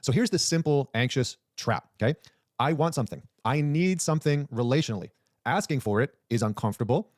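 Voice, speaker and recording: A man's voice: medium pitch, expressive, brisk, no room sound, studio quality. A man coaching men on relationships, talking straight to the listener with emphatic repetition. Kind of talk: direct-to-camera advice talk.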